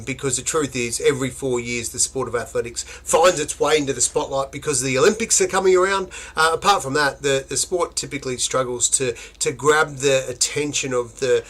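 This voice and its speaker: A man's voice: medium pitch, fairly bright tone. A man with an Australian accent co-hosting a podcast, chatting bluntly and casually, swearing freely and breaking into emphatic bursts. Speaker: podcast co-host. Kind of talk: casual banter.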